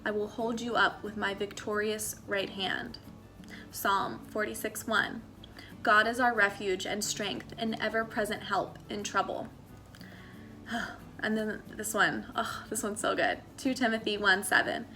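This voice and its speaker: A woman's voice: mid-range voice, steady tone, a little slow, bright, forceful tone, faint music behind. A young American woman from Maryland, vlogging in a chatty, earnest, encouraging way with lots of fillers. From United States (Maryland). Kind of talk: casual faith-and-lifestyle vlog talk.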